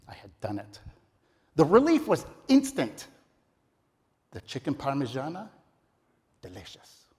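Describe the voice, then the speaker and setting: In a large, reverberant ballroom, a middle-aged man gives a theatrical, comic story speech for a competition. His slightly high, slightly mellow voice swings hugely in pitch, and he's in no hurry.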